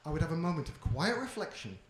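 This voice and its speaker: A man's voice: on the high side, fast talker, a little hiss or hum. A man doing a stand-up comedy routine on a club stage, brash and swearing as he tells his stories. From Britain. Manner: brash, swearing, animated storytelling. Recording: roomy club echo.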